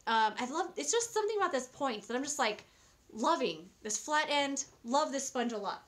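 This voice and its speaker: Young female beauty vlogger, high voice, casual and gushing, lots of fillers. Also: expressive, normal speed, a bit bright. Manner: chatty and enthusiastic, with many fillers and restarts. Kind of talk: casual product review.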